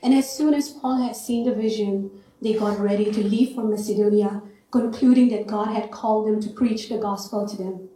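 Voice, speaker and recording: A woman's voice: medium pitch, fairly even intonation, moderate pace, dark tone. A woman from India with an Indian accent, sharing an earnest, lightly self-joking testimony from a church pulpit. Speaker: guest speaker. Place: church sanctuary. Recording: echoey church hall.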